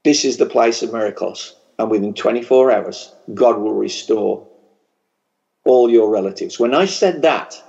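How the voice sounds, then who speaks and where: Fervent English preacher with a regional accent. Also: male voice, on the low side, normal speed, vocal fry, a little mellow, lo-fi sound. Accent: English regional, working-class. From England. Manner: fervent, storytelling, builds to a blessing. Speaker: pastor. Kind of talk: sermon. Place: large church conference hall.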